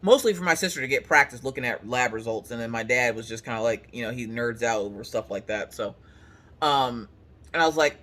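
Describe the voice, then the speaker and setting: A woman, chatting casually to the camera and telling stories with lively quoted voices. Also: extremely low pitch, fairly quick. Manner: animated storytelling with voiced quotes. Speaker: craft vlogger. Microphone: camera on the couch.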